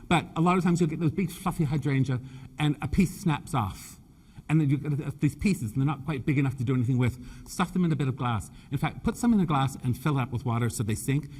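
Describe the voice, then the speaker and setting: A man's voice: mid-range voice, darkish tone, husky. A Canadian man with a slight British lilt, giving a chatty, joking live floral design demonstration to an audience. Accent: Canadian with a British touch. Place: large exhibition hall. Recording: long hall reverb.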